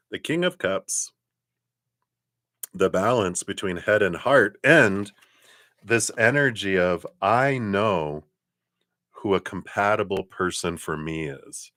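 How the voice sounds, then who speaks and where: A man giving a live tarot card reading, lively and chatty, often clearing his throat and acting out other people's lines. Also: measured pace, dry recording, studio quality. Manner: animated, acts out other people's lines in high voices.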